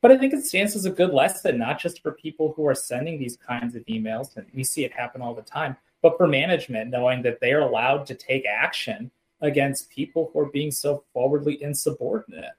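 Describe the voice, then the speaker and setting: A man's voice: medium pitch, animated, a little fast, low-quality recording. Man, podcast co-host, legal case rundown, casual explanatory tone, frequent fillers.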